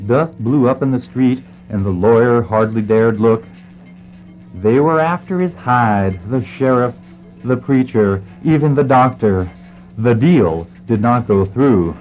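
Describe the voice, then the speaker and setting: A man reading a scripted western story in a measured storytelling manner. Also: medium pitch. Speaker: narrator. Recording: muffled lo-fi with faint music.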